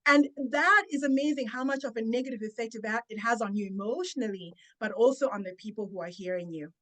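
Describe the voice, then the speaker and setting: A woman's voice: a little high, fairly bright tone. Emphatic woman speaking coach. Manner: emphatic, coaching tone with deliberate pauses. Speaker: confidence and public speaking coach. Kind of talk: guest giving advice in a podcast interview.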